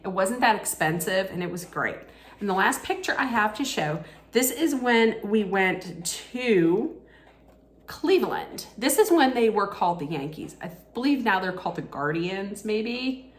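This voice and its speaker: A woman vlogger telling a casual story, animated and excitable, laughing often. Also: mid-range voice, measured pace, echoey room.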